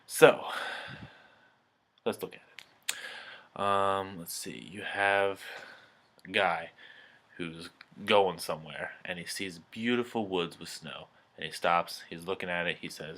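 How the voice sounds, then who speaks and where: A man in his twenties, a student reciting a poem and then analyzing it in a relaxed, chatty way with frequent ums. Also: low voice, slow, long pauses. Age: 20s.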